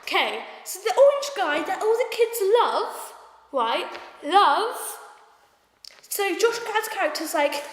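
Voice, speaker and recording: An English girl chatting casually about a film she watched, giggly and animated. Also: very high-pitched, measured pace, a little hiss or hum. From England. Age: child. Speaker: young co-reviewer. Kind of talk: casual film review chat. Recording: echoey room with long reverb.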